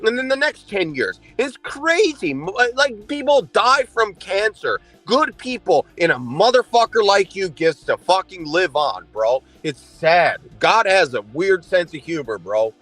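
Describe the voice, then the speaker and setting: A man's voice: sits high, very animated, a little slow, hardly any pauses, a bit bright, no room sound, faint music behind. A man livestreaming an angry, profane, insulting rant.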